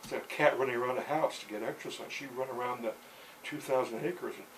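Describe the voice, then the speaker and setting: A man's voice: mid-range voice, a little fast, recorded from a distance. A man telling a rambling story in casual speech, filling it with "you know" and restarts. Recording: voice set back from the mic, faint background hiss.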